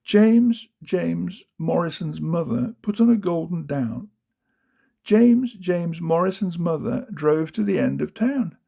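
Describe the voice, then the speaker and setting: A man's voice: a little high, expressive, unhurried, vocal fry, few pauses, dark tone, muffled recording. A man giving a rhythmic, sing-song storybook reading of children's poems. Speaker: reader of children's verse.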